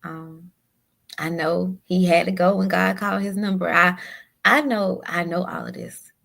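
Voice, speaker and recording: A woman guest telling a personal story in a halting, emotional way, often repeating her words. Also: on the low side, steady tone, vocal fry, a bit bright. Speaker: podcast guest.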